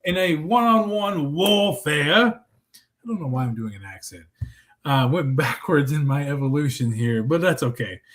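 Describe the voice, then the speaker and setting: A man's voice: mid-range voice, animated, moderate pace. A man calling a wrestling match as play-by-play commentator, rambling and joking with frequent self-corrections.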